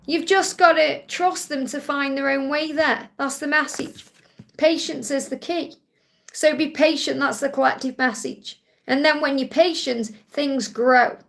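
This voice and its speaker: High, gravelly woman with a Stoke accent. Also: steady tone, a little slow. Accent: Stoke-on-Trent. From England. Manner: soothing, reassuring, often adds "okay?". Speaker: spiritual reader answering live questions. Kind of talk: live stream Q&A.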